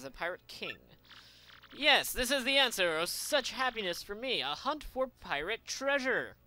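A vain, grandiose trader with a put-on Spanish accent, as a gamer reads him aloud, making every line a theatrical boast. The delivery swings lively up and down in a bright, forward tone. Faint game music plays underneath. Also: mid-range voice, voice pushed up. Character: flamboyant rich merchant man, vain and dramatic. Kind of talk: let's play reading of game dialogue.

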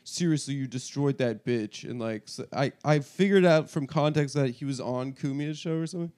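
A man's voice: mid-range voice, a little mellow. A man co-hosting a podcast, out of breath and defensively protesting his push-up count. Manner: defensive, protesting, quick laughs. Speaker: podcast co-host. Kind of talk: casual podcast banter.

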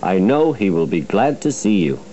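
A man voicing a stern but fair male railway boss, firm and measured, in a storybook reading. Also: lowish voice, lively intonation, dark tone, a little hiss or hum, natural voice, rough recording.

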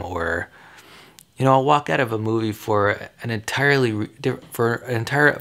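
A father in his forties rambles casually to the camera, giving advice with frequent chuckles and self-corrections. His voice is fairly low, creaky, and a bit bright.

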